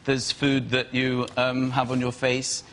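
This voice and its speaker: A man, a married panelist, rambling through an absurd bit with halting ums. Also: medium pitch, monotone, a bit bright, slight background noise. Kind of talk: rambling comic monologue.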